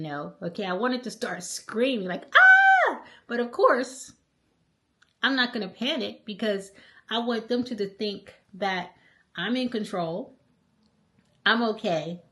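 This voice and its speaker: A middle-aged woman vlogger recounting a trip to camera in an animated, emphatic way, often checking in with "okay?". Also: medium pitch. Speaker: travel vlogger. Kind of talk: casual storytelling to camera.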